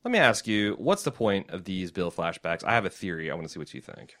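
A man's voice: sits low, very animated, fast talker, sharp tone. A man co-hosting a casual TV recap podcast, joking sarcastically and acting out characters' lines. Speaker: podcast co-host.

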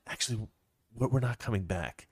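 A man voicing a worried couple who plead earnestly in a hushed tone. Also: mid-range voice, fairly quick, slightly rough, close to an everyday voice. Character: worried couple confessing a strange secret.

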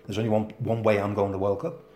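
A man in his sixties tells stories at a brisk clip, his Danish accent carrying a clear Liverpool lilt. His voice sits fairly low and he acts out other people's lines as he goes. The room behind him is echoey. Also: a little hiss or hum. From Denmark. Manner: animated, acts out quotes. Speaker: former footballer guest. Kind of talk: anecdotal interview storytelling. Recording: roomy echo.

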